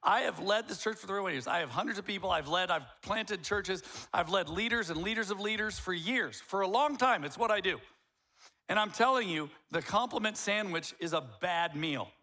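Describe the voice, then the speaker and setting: Middle-aged male pastor, animated sermon delivery, bright tone. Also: sits high, moderate pace. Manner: animated, acts out quoted voices.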